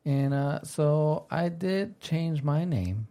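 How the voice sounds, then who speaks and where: A man co-hosting a casual podcast, upbeat and chatty, often pausing with "uh". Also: a little high, lively intonation, warm tone. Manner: upbeat, fills pauses with "uh". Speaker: podcast co-host.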